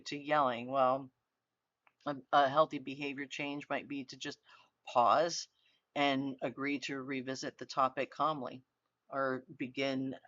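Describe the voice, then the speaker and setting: A woman's voice: a bass voice, fairly bright tone, no echo. A woman giving a university lecture in an earnest, conversational way, often restarting her phrases. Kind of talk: recorded online lecture. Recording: dry, dull lo-fi recording.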